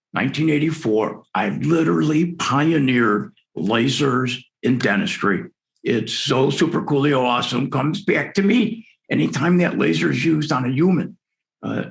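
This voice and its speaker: Gravelly-voiced enthusiastic man in his sixties. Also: mid-range voice. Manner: enthusiastic, storytelling, exclamatory. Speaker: dental lecturer. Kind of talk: conference presentation. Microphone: video call.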